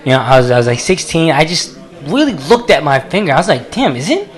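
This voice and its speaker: A man's voice: on the high side, big pitch swings, quick pace. A man telling a comic story live on a small cafe stage into a handheld mic, in a loose, chatty way, laughing through it. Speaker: comedian.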